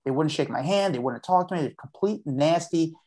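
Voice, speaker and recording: A man's voice: fairly high pitch, lively intonation, brisk, mellow. A man as a podcast guest, a street journalist telling a story in a chatty way and acting out what he said at the time. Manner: chatty, acts out his own past lines. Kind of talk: casual storytelling.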